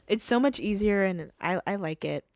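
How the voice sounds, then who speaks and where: A woman's voice: medium pitch, expressive, unhurried, dry recording, studio quality. A woman hosting a casual solo podcast from home, rambling and giggling with self-deprecating asides. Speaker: podcast host. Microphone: podcast microphone.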